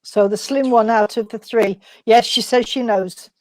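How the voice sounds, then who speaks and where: A woman's voice: a little high, steady tone, moderate pace. A woman helping at a spiritualist service who relays sitters' brief answers to the medium. Her voice sounds dry and close, with no room echo.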